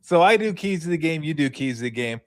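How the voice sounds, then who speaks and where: A man's voice: fairly high pitch, lively intonation, fast. A man hosting a sports talk show, setting up his questions casually. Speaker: sports radio host.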